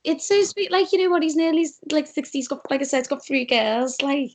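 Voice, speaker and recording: Over a Skype audio call, a young woman from Liverpool, England, talks as a guest in a strong Scouse accent. She's a radio producer, and in this casual chat her high voice moves briskly as she tells stories with animated energy, a little background noise behind her.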